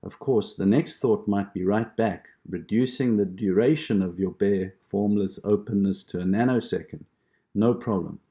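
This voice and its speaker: Brief: gentle meditation teacher, low-voiced man with a warm, mellow tone. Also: normal speed. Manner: gentle, reassuring, explains with imagery. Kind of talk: instructional talk on prayer practice.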